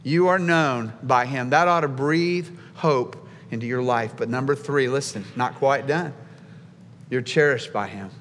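A male pastor preaching a sermon with emphatic delivery, dropping low and soft, then rising to loud exclaims. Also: unhurried, few pauses, slight background noise. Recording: long hall reverb.

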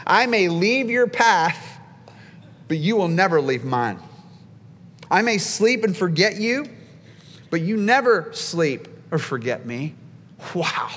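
A male pastor preaching a sermon with emphatic delivery, dropping low and soft, then rising to loud exclaims. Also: sing-song, slow pace, pauses often. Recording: long hall reverb.

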